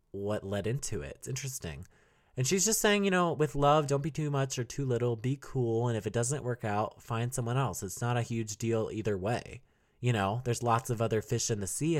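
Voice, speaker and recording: Chatty young man rambling about songs. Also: medium pitch. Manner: chatty and rambling, laughs often, sings snippets of lyrics. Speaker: podcast host reviewing albums. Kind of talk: casual solo podcast review.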